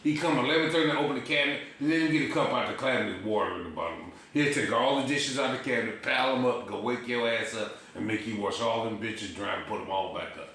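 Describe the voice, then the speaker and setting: Brief: middle-aged man, bright, forceful voice, animated profane storyteller, echoey room. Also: medium pitch, fast, hardly any pauses, distant mic. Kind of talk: casual storytelling chat. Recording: echoey room with faint noise.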